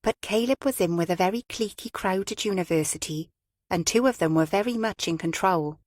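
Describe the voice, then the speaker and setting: A woman's voice: medium pitch, brisk, no echo, studio quality, lightly acted. A woman voicing an earnest, slightly anxious young woman witness with a slight Australian twang, hesitating as she talks.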